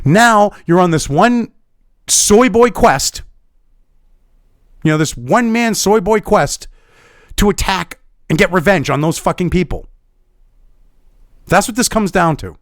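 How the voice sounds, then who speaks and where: A man's voice: high voice, expressive, unhurried, pauses often, fairly bright tone, no room sound, clean studio sound. A man delivering angry, profane and sarcastic political commentary as a vlogger.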